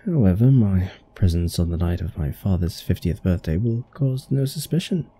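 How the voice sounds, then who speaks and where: A man voicing a scheming young male heir who plots a murder, in a put-on British accent and with a cold, measured delivery. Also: deep voice, expressive, dark tone, slight background noise. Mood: coldly scheming. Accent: attempted British accent. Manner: cold, measured villain narration.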